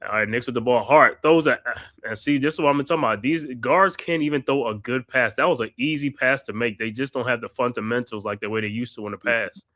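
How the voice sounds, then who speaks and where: A man's voice: medium pitch, quick pace, hardly any pauses, pushed and bright, no room sound, studio quality. A man hosting a live watch-party podcast, doing casual play-by-play with slangy chat and laughs. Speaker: podcast host calling the game.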